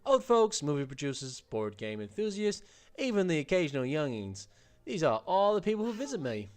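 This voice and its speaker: A man's voice: a little high, very animated, brisk, voice pushed up. A man putting on a perky Southern woman blacksmith. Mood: cheerful. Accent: attempted Southern US. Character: proud young woman blacksmith, cheerful and hardworking.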